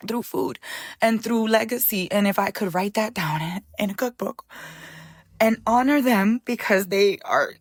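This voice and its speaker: An older woman in an interview, a chef and author speaking in a heartfelt, halting way, close to tears at moments. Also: mid-range voice, dry recording. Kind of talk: emotional interview conversation.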